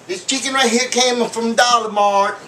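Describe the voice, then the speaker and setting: A high-pitched man hosts his own cooking show, rambling cheerfully and tossing in jokes between steps. He is picked up from across the room in an echoey home kitchen. Pans, dishes and cutlery clatter clearly behind him. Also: steady tone, moderate pace, sharp tone, recorded from a distance, slight background noise. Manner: rambling and jokey, with many fillers and asides. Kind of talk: casual comedic cooking demo. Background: clinking dishes, pots and cutlery.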